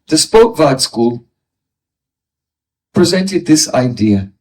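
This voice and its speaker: A high-pitched man teaches philosophy at an unhurried pace, working through each point patiently and stopping to pose questions to his listeners. His voice sounds distant, picked up from well away from the microphone. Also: a little mellow. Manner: explanatory, asks rhetorical questions. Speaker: spiritual teacher. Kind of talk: philosophy lecture. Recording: voice distant from the mic.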